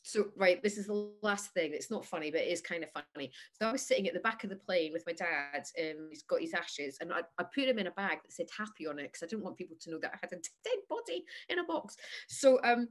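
A woman's voice: fairly low pitch, expressive, fast. A woman, a guest telling stories in casual chat, laughing often and acting out the people in her anecdotes. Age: 50s. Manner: chatty storyteller, laughs often, acts out voices in anecdotes.

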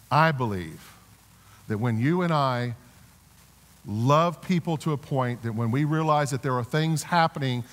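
A man preaching a sermon as a pastor, earnest, with repeated restarts, building to emphatic exhortations. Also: medium pitch. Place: church sanctuary. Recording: reverberant church sanctuary.

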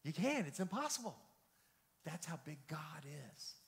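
A man pastor teaching a Bible study in an animated, joking way, with frequent exclamations and repeated words. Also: on the high side, measured pace, gravelly, breathy edge. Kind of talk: lively sermon-style teaching. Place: church hall.

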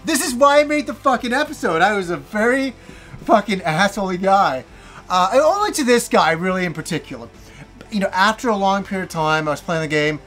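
High-voiced man telling a story, music behind. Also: brisk. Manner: animated, swearing, self-mocking. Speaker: gaming channel host. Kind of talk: casual storytelling monologue.

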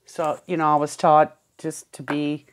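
A woman's voice: low-pitched, level tone, a little slow. A woman recording a candid personal vlog at home, rambling, repeating words and swearing. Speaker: vlogger. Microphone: headphones with camera.

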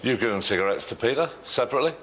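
Insistent questioning man, quick talk. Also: mid-range voice, lively intonation, a bit bright, a little hiss or hum. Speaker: reality show housemate. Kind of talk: heated argument.

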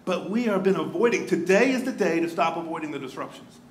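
Earnest pastor preaching. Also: male voice, a little high, lively intonation, quick pace, slight background noise. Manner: earnest, swings from hushed to emphatic. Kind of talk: sermon. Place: church sanctuary. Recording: roomy church hall.

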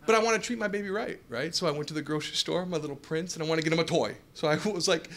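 A man in his forties doing a stand-up comedy set on a club stage, acting out dialogue in animated storytelling, with an audience laughing behind him. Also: a little high, racing, few pauses, slight background noise. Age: 40s. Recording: live club audio with crowd laughing.

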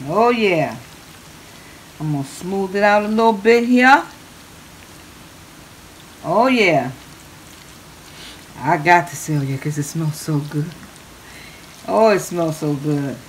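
In a lowish voice, she talks slowly with long pauses while cooking on camera. It's a playful, chatty demo full of drawn-out "oh yeah"s and affectionate "babies," recorded in a noisy home kitchen.

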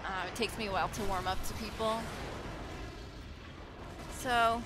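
A young woman recording casual gameplay commentary at home, soft-spoken and hesitant, filling pauses with ums and little giggles. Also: mid-range voice, fairly even intonation, heavy background noise. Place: at home with her children nearby.

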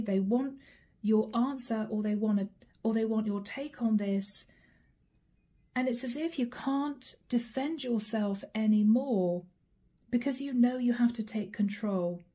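A woman's voice: a little high, mellow. A woman giving a tarot reading, addressing the viewer directly with probing, repeated questions. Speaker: tarot reader.

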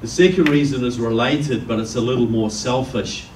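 A New Zealand-accented man addresses a roomful of people, easing in with jokes before turning earnest. His voice sits at an ordinary middle pitch, caught from a distance so it rings around the room. A faint hum of ambience lies underneath. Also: moderate pace, a little mellow. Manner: conversational storyteller, jokes with the crowd. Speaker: guest speaker. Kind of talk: public speech to a live audience. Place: meeting room with an audience. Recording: echoey room, distant mic.

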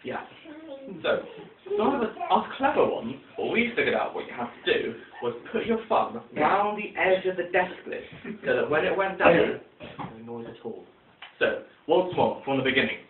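A man performing comic poems with animated storytelling and sound effects, recorded tinny and distant in an echoey room. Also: on the high side, moderate pace. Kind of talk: comic poem recitation.

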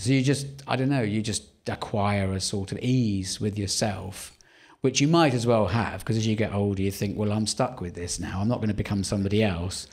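A man's voice: on the low side, brisk, darkish tone, husky. A man in his fifties with a home counties English accent, a stand-up comedian telling wry, rambling anecdotes in a live interview, often restarting his sentences. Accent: English, Surrey home counties. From England. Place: theatre stage before a live audience.

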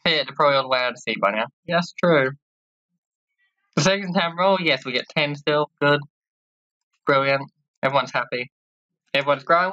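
A woman's voice: deep voice, animated, normal speed, pauses often, bright, forceful tone, dry recording. A woman giving casual commentary while playing a game, chatty and giggly, reading character lines aloud and trying out playful voices. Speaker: let's-play host. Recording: slightly dull lo-fi sound.

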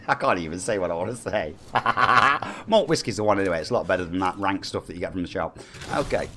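A man's voice: low voice, animated, fast talker, sharp tone, slight background noise. A man in his forties with an East Midlands English accent, chatting upbeat with viewers and reading out their names during a live game stream. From England. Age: 40s.

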